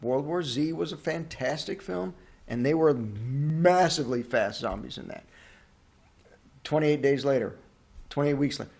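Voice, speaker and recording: A man co-hosting a casual movie review podcast, animated and ranting, swearing freely. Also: fairly high pitch, a little slow, creaky. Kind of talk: casual chat.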